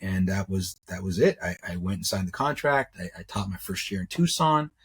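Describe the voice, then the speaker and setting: A man's voice: low voice, big pitch swings, a little fast, breathy edge. A middle-aged man, a jewelry maker, telling his story in a rambling, casual way, repeating words and acting out what others said. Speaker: interview guest, metalsmith.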